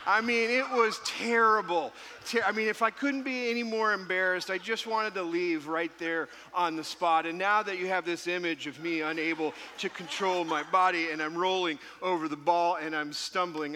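Man pastor, fairly high bright voice, animated self-mocking storyteller, hall reverb. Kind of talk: sermon with humorous story.

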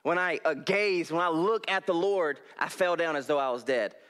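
A young male preacher, giving a folksy, animated sermon in a church hall on a headset mic and laughing often. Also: a little high, normal speed.

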